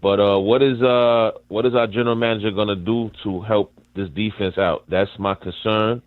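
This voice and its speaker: A man calling in to a sports radio show, an excited fan who rambles. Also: on the low side, normal speed, no echo. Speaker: caller. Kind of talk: casual call-in chat. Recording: tinny phone line.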